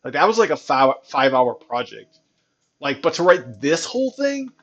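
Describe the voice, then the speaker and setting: A man giving casual, rambling commentary while testing an app he built, excited and full of restarts. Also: a little high, normal speed. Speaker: programmer testing his own app. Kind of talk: casual screen-recording commentary.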